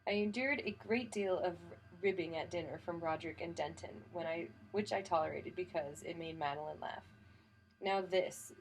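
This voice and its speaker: Lowish woman, wry audiobook narration. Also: brisk, few pauses. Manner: wry first-person storytelling. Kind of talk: scripted narration.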